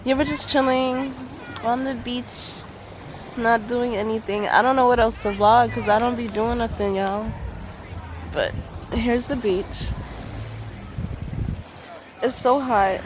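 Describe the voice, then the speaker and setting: A woman's voice: on the high side, fairly even intonation, slow, pauses often, noisy background. A woman in her early twenties from Trinidad, chatting loosely with lots of fillers as she vlogs her holiday. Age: early 20s. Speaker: vlogger. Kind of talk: casual travel vlog. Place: holiday resort in Jamaica.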